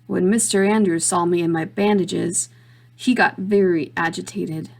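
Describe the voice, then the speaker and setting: A woman reading her own story aloud in a steady, measured storytelling manner. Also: on the low side, vocal fry. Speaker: author narrator.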